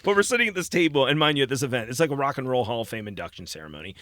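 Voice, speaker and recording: American guy in his 40s, chatty podcast guest, bright voice, bouncy up and down, laughs a lot. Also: mid-range voice, very fast, no room sound. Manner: animated, laughing storyteller. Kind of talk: casual chat.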